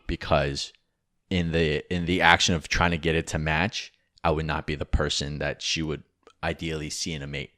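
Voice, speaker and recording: A man's voice: deep voice, a bit bright, dry recording, clean studio sound. A man co-hosting a podcast, giving rambling, frank advice with casual swearing and jokes. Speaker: podcast co-host.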